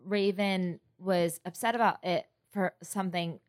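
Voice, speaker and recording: A woman's voice: lowish voice, fairly even intonation, unhurried, dry recording, studio quality. A woman co-hosting a podcast in casual chat, blunt and swearing freely. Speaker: podcast co-host.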